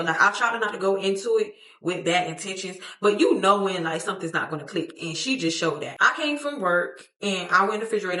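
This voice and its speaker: A young woman tells a casual storytime vlog, her voice bright and forward. She is animated and slangy, swears freely and acts out what others said. The sound is roomy, with a noticeable echo. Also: mid-range voice. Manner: expressive, slangy, profane, acts out quotes, laughs often. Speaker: storytime vlogger. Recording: echoey room.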